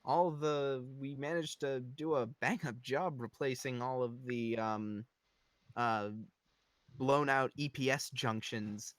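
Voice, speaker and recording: A man voicing an upbeat, chatty female starship engineer in a tabletop role-play, giving a rambling report full of pauses. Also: mid-range voice, steady tone, no echo, lightly acted.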